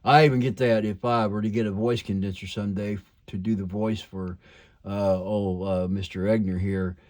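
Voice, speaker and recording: An older man with a slight twang and a lowish voice talks through whatever is on his mind. He rambles casually at home, full of fillers, restarts and side trails. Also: fairly even intonation, normal speed, a little mellow. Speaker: toy collector vlogger.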